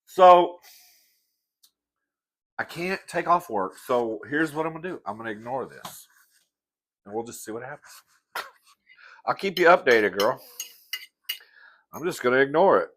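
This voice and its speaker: A man's voice: medium pitch, lively intonation, normal speed, long pauses, fairly bright tone. A man hosting his own show, ranting to the camera in a sassy, profane way while eating. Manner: sassy, profane, calls listener "girl". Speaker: host. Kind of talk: comic rant to camera.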